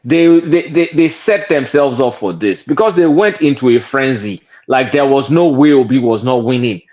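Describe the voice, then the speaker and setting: A man's voice: medium pitch, expressive, normal speed, a little mellow, highs cut off. A man on a political panel call, stammering at first and then dismissive of his opponents. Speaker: panel guest. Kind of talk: heated political panel discussion.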